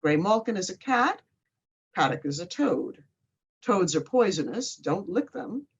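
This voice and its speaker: A woman's voice: medium pitch, sing-song, a little slow, slightly rough. A woman professor giving a pre-show lecture, with dry, wry asides. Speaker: literature professor. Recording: slightly muffled lo-fi recording.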